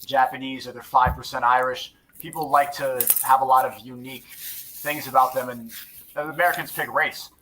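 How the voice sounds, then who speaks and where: A man on a podcast putting questions to a guest and offering quick views. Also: mid-range voice, steady tone, sharp tone, slight background noise, poor audio. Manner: inquisitive, poses questions. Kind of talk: casual chat.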